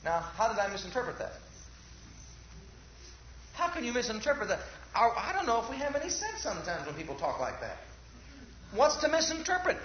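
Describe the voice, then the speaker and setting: A fervent man preaches, pressing his listeners with question after question and asking for amens. His voice sits high and leaps widely in pitch. The recording is very echoey and a bit dull and lo-fi. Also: huge pitch swings, fairly quick, pauses often, slight background noise. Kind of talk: sermon.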